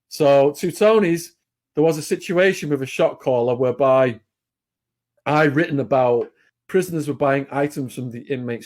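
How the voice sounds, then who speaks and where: A man's voice: mid-range voice, a little mellow. An English man, a podcast guest, telling a long story in a blunt, plain-spoken way with fillers and restarts. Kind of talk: casual storytelling.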